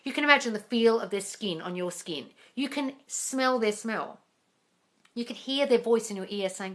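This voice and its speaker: A woman's fairly high, slightly bright voice moves at normal speed as she answers livestream questions about manifesting. Direct in her coaching, she calls listeners "darling" and "guys," with a phone serving as the mic.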